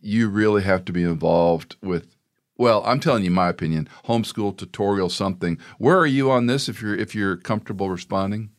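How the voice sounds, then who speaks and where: Middle-aged male pastor-host, very low voice, earnest and folksy in conversation. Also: fairly quick. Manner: earnest storytelling, folksy asides. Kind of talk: conversational interview.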